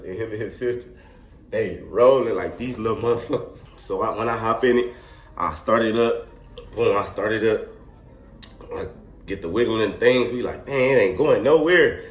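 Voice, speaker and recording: A young man telling a wild story in a casual, animated, slangy way, laughing often. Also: fairly low pitch, moderate pace. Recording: echoey room.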